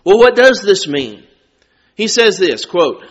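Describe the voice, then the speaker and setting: A man preaching a sermon, slow and deliberate, drawing out words for emphasis. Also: on the high side, lively intonation, fairly bright tone. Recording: dull sound with long reverb.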